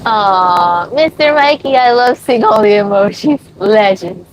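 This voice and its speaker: A woman's voice: medium pitch, expressive, unhurried, slight background noise, poor audio. A woman from the USA chatting with her live-stream viewers from a sailboat, cooing over her dog. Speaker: vlogger answering live chat. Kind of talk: casual live-stream chat.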